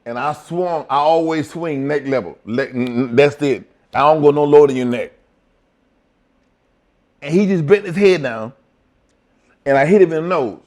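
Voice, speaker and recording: A middle-aged man telling profane, animated stories as a guest in a shoot interview. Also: a little high, normal speed, long pauses. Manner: profane, animated storytelling with acted quotes. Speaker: interview guest, former wrestler.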